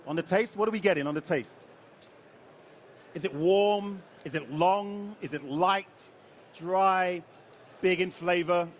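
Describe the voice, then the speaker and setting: A man's voice: high voice, takes it slowly, pauses often. A man leading a live rum tasting before an audience, chatty and jokey, often quizzing the crowd for tasting notes.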